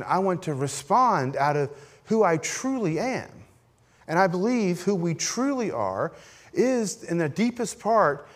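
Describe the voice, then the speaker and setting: A middle-aged man preaching as a pastor, in a conversational, self-deprecating way with frequent "right?" asides. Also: fairly high pitch. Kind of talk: sermon.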